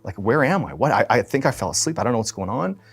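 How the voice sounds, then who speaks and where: A man's voice: medium pitch, sing-song, quick pace, slightly rough, faint music behind. A man voicing a frantic lost male pilot who stammers as he speaks.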